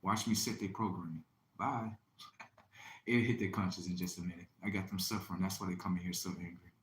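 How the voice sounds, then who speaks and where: A man hosting a livestream, delivering a boastful, taunting, profane monologue that swings between loud outbursts and low mutters. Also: steady tone, brisk. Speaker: livestream host. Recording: echoey room with faint ambient noise.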